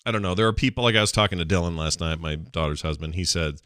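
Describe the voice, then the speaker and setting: A man's voice: low-pitched, fast, a bit bright, no echo, studio quality. A middle-aged man hosting a podcast in easygoing, rambling casual chat. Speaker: podcast host.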